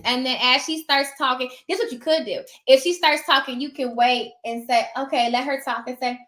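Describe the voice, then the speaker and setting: A bright, forceful woman with a fairly high voice talks in a casual advice monologue, emphatic and sassy, and she acts out her exchanges as she goes. The sound carries a roomy echo. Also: moderate pace, a little hiss or hum. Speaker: notary loan signing agent.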